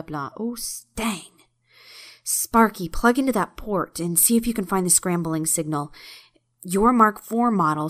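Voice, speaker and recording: A woman voicing a brisk starship pilot giving orders in a voice audition. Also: fairly low pitch, pitched below the performer's own voice. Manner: quick urgent orders. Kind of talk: voice audition reading.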